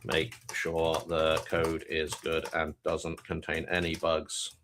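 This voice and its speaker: A man co-hosting a coding stream, speaking in a dry, deliberate way. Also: rumbling low, completely flat delivery, background noise. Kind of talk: casual chat on a live coding stream.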